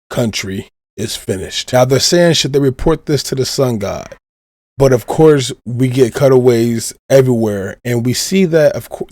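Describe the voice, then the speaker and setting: Man recapping in an animated way, dry sound. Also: mid-range voice, no echo. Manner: animated retelling, leans on "of course". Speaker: podcast host. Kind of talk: casual recap of a manga chapter.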